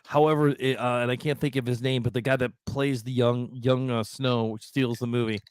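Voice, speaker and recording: A man's voice: mid-range voice, little pitch movement, normal speed, clean tone, dry recording. A man co-hosting a casual online show, gushing about a movie in rambling bursts. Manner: enthusiastic, rambling movie praise. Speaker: podcast co-host. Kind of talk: casual chat.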